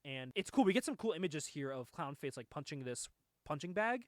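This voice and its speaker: A man's voice: a little high, very animated, a little fast, dry recording. A young man casually retelling a comic book story on a podcast, laid-back, laughing often and filling his talk with "like.". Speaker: podcast co-host.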